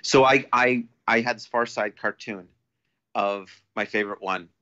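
A man talking as a podcast guest in a casual, rambling way, restarting often and getting animated when he quotes people. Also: fairly low pitch, moderate pace. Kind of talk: casual storytelling. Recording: dull lo-fi audio.

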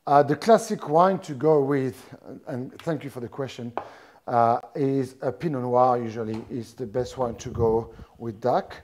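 A chef in middle age, French by origin, speaks in a mid-range and slightly mellow voice as he cooks live for an audience. He's conversational and explains things step by step, restarting his phrases in a halting way.

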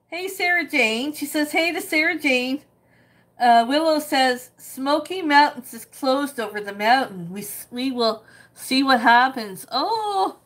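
Woman, cooking livestream host; high voice, unhurried, chatty, laughs often while reading comments. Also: fairly bright tone. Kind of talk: casual livestream chat reading viewer comments.

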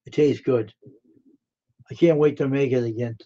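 A man's voice: mid-range voice, fairly even intonation, normal speed, warm tone. Rambling man on a lo-fi live stream. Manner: rambling and friendly, full of fillers and repeats. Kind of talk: casual live stream chat with viewers. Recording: dull lo-fi stream audio.

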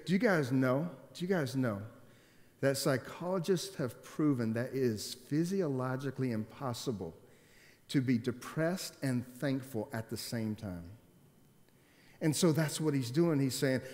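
A man's voice: a little high, measured pace, darkish tone. A man preaching a sermon, emphatic, repeating key phrases and putting questions to the congregation. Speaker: pastor. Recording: long hall reverb.

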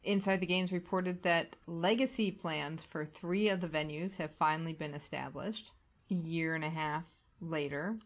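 Chatty woman co-host, lower register, light laughs between news items. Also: normal speed. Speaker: podcast co-host. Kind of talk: casual chat, news rundown.

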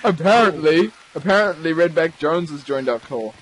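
A teenage boy hosts a casual gaming session over a headset, joking and spinning quick stories. His voice sits slightly high. Steady rain noise runs behind him. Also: poor audio. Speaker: channel host.

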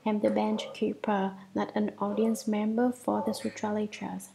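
A woman's voice: mid-range voice, level tone, normal speed, gravelly, warm tone, lightly acted. A woman voicing a humble young male bench keeper at a temple, read plainly inside a Buddhist commentary.

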